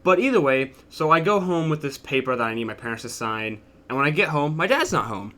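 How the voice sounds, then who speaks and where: Bright-voiced man rambling through a story. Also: on the high side, expressive, brisk. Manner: rambling, offhand, self-deprecating. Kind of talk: casual storytime narration.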